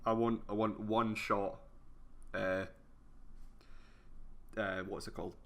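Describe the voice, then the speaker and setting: Young man, low-pitched, bright edge, casual podcast co-host, offhand and rambling. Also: level tone, slow pace, vocal fry. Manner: offhand, swearing, trailing off. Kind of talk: casual chat.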